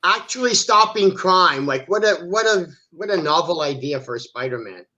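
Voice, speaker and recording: A man's voice: high voice, expressive, normal speed, pushed and bright, highs cut off. A man joining a casual movie commentary chat, opinionated and laughing between remarks.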